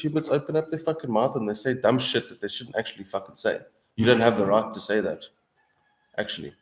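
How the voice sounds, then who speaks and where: Swearing a lot and addressing the listener as dude and bro, a young man rants casually while answering viewers on stream. He speaks a little fast in a lowish voice, in an echoey room.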